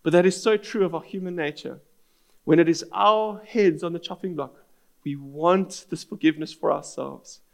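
A pastor delivers his sermon with an earnest, storytelling drive. His voice sits a little high for a man and carries a gravelly, fry-edged texture. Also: normal speed.

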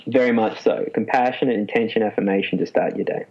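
A man, a psychologist being interviewed, explaining in a lively way and laughing often. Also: lowish voice, fast talker, husky. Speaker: clinical psychologist guest. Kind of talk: casual interview talk. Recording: muffled lo-fi sound.

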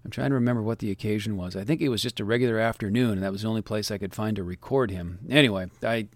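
A man's voice: on the low side, very fast, dry recording. A man hosting a radio show, talking casually and reflectively with small restarts.

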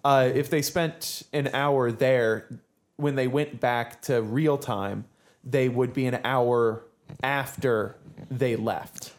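A man's voice: medium pitch, fairly even intonation, takes it slowly. Rambling, laughing male podcast host. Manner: rambling, lots of uh and restarts, laughs often. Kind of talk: casual chat.

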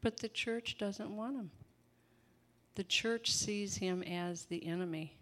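A woman's voice: medium pitch, slow pace, fairly bright tone. A woman preaching an informal sermon in a chatty, folksy way, laughing often and breaking into asides.

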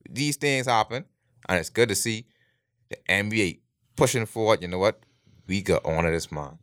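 A man's voice: lowish voice, normal speed, a bit bright, smooth, no echo, clean studio sound. A man, co-hosting a casual chat in a laid-back way, laughing often. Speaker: podcast co-host.

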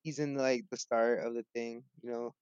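Young man, podcast co-host, animated, playful, muffled dry audio. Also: medium pitch, moderate pace, smooth, no echo. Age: young adult. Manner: animated, playful, laughs easily. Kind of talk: casual sports podcast chat.

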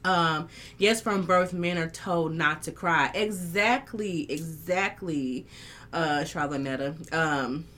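A woman's voice: low voice, slow pace, a bit bright. A woman hosting a casual live-stream talk show, reading viewer comments and speaking candidly and emotionally, swearing freely.

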